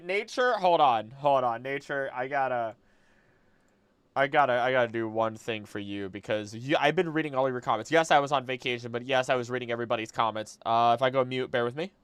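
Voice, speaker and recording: A man's voice: mid-range voice, fairly bright tone, clear, resonant tone, no echo. A young man hosting a casual live stream from home, rambling and chatting and laughing often. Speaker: livestream host. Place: home room.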